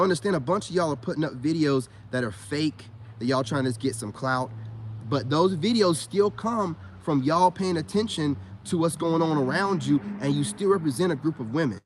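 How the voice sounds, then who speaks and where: A man's voice: mid-range voice, slight background noise. A middle-aged man ranting in a profane, boastful monologue full of street slang. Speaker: online commentator.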